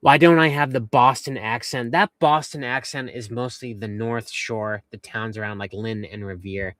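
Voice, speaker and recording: Young guy from western mass reading chat comments on a livestream, upbeat and rambly, mid-pitched voice, dry sound. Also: fairly even intonation, normal speed, fairly bright tone, no echo. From Western Massachusetts. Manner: chatty, rambling, upbeat, with frequent fillers. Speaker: vanlife livestream host. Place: inside a camper van.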